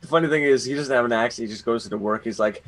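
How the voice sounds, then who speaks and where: A man's voice: medium pitch, racing, background noise. A man joining a casual livestream chat, joking a lot and slipping into mocking voices. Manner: jokey, breaks into laughter and mock voices. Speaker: guest.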